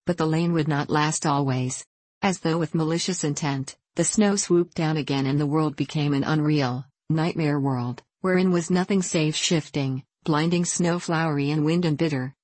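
A woman reading a western novel aloud with steady, even pacing. Her voice sits low, and the recording is dry and close with no room sound. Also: no room sound. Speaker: audiobook narrator. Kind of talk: scripted narration.

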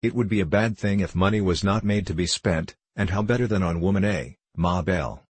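Man doing a boastful archer, hearty soldier swagger, deep husky voice, dry close sound. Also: fairly quick, dry recording. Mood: hearty boasting. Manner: hearty, boastful, free-spoken.

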